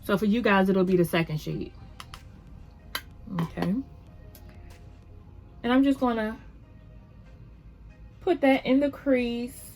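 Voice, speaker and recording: A woman's voice: on the high side, steady tone, slow pace, pauses often, a little mellow, faint music behind. A woman hosting a casual makeup tutorial at home, chatty and upbeat, rambling a little with fillers as she talks to the camera. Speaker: beauty vlogger.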